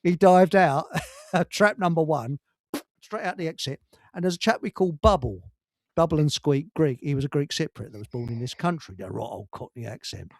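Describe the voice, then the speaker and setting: A man's voice: a little high, lively intonation, moderate pace, gravelly, no room sound. A man hosting a casual talk show, rambling through stories, laughing often and restarting his sentences. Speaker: radio show host. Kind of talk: casual chat with anecdotes.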